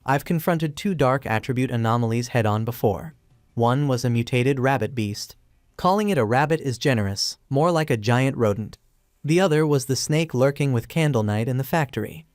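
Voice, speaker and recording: A man reading the lines of a calm, thoughtful young male hero who explains things steadily. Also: medium pitch, normal speed, no echo, clean studio sound, natural voice. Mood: explaining.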